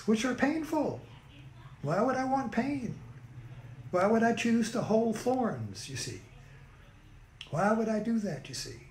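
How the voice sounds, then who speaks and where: A man with a fairly high voice giving a loose, rambling spiritual talk, forever tagging on "you see" and "you know". His voice echoes around a roomy space. He sounds unhurried and conversational. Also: slight background noise. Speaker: spiritual teacher. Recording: roomy echo.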